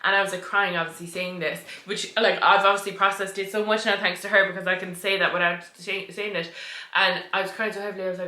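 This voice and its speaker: Bright echoey young woman podcaster. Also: lowish voice, little pitch movement, quick pace. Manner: chatty, storytelling, laughs often. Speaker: podcast co-host. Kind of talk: casual chat. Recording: echoey room.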